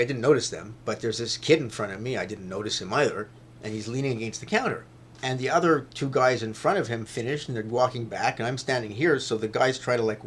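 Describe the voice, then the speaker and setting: A man talking to his viewers in a loose, rambling monologue, repeating himself and swearing, getting loud as he retells a fight. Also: medium pitch, slight background noise. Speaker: vlogger.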